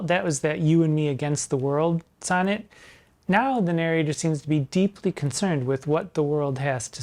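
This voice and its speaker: A man in drag persona giving literary commentary on sonnets, arch and playful, slowing down to recite quoted lines with emphasis. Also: on the high side. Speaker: drag performer hosting a sonnet discussion.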